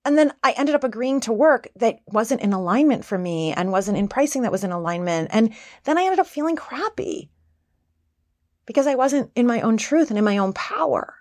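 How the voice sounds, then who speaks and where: A woman's voice: on the high side, animated, moderate pace, a little mellow, no echo, studio quality. A woman coach giving a casual self-help talk in a conversational way, sometimes acting out the voices she quotes.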